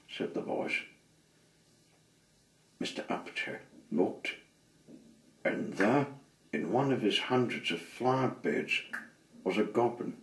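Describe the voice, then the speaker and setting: A man reading a children's story aloud with dramatic pauses and expressive delivery. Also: on the low side. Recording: roomy, slightly distant mic.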